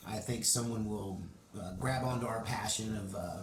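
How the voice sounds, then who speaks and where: A man's voice: fairly low pitch, moderate pace. A middle-aged man with a Texas accent, a band member chatting folksily in an interview, with many fillers. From Oregon. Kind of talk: casual interview chat. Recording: echoey room with crowd noise.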